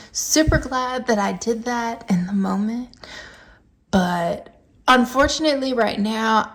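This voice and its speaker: A woman chatting casually to camera as she reviews a scented candle, emphatic and playful. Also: a little high. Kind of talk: casual vlog chat.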